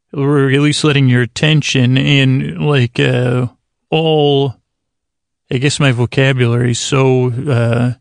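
A man with a gravelly, creaky voice drifts through a rambling sleep-podcast intro, poking fun at himself as he goes. He speaks close and intimately to the listener, as if beside them at bedtime. The recording is dry and close, with no room sound. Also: no room sound. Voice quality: creaky, low-key dulcet tones. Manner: meandering, self-deprecating, talks to the listener intimately.

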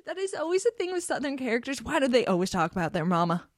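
A woman's voice: high-pitched, fast, dry recording, clean studio sound. A young woman co-hosting a podcast, chatting casually and playfully about a film. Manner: animated, laughing, playful mock voices. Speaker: podcast co-host. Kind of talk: casual chat.

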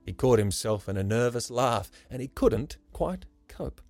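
A man narrating a rhyming story in a measured, lyrical way. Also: mid-range voice, animated, darkish tone, no echo. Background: faint music.

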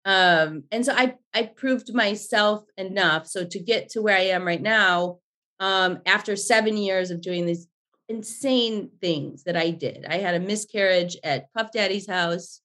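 A woman in her forties, a podcast guest, telling stories in a lively, chatty way and swearing freely. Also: mid-range voice, measured pace. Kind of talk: casual storytelling chat.

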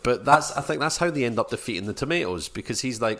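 A man's voice: mid-range voice, lively intonation, fast talker, a bit bright. A man co-hosting a casual film review podcast, rambling and retelling scenes in quoted voices. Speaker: podcast co-host.

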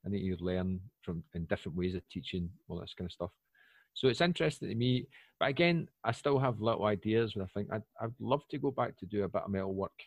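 A Scottish man in his forties, a podcast guest chatting casually and breaking into loud, animated asides. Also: fairly low pitch, quick pace, no room sound, highs cut off. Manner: animated storyteller, bursts up loudly for asides.

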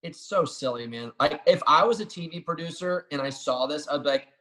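Man, podcast guest, pro athlete, slightly high voice, profane, boastful, animated. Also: fairly quick, poor audio. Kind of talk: casual podcast storytelling.

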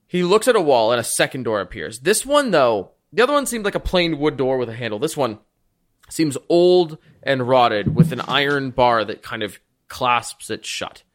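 A man's voice: medium pitch, sing-song, normal speed. A man narrating a tabletop role-playing game as game master, playful.

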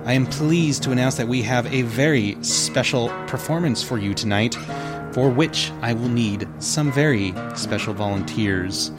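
A man's voice: mid-range voice, animated, slow pace. A man voicing a cold, gaunt female spirit of famine, gracious and smiling but menacing. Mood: welcoming. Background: background music.

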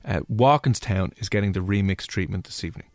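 A man's voice: deep voice, quick pace, no room sound, clean studio sound. A young Irish man with a Dublin accent, hosting a radio show in casual, jokey, rambling chat. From Ireland. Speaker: radio host.

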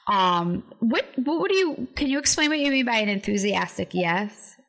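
A woman's voice: fairly high pitch, sing-song, normal speed, fairly bright tone. A woman hosting a podcast interview, chatty and giggly, with lots of fillers. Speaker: podcast host. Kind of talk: casual interview chat.

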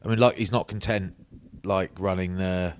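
A man's voice: low voice, steady tone, normal speed, a little hiss or hum. A man co-hosting a casual podcast, teasing his friend and rambling with plenty of fillers. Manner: teasing, rambling, lots of likes and ums. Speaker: podcast co-host.

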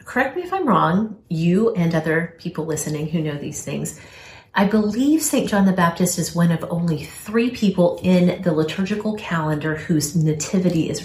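A woman's voice: lowish voice, a little mellow. A woman co-hosting a casual faith podcast, explaining things in an earnest way. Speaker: podcast co-host. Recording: roomy echo, faint room noise.

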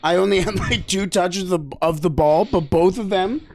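A man with a Canadian accent co-hosting a casual podcast, telling stories with lots of laughter and animated retellings. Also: high-pitched, normal speed, a little hiss or hum. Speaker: podcast co-host. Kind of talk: casual chat.

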